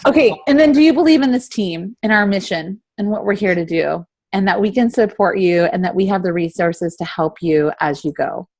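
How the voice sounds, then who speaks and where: A woman's voice: medium pitch, expressive, normal speed, few pauses, darkish tone. A woman in her thirties leading a motivational team call over video chat, full of rhetorical questions. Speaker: team leader.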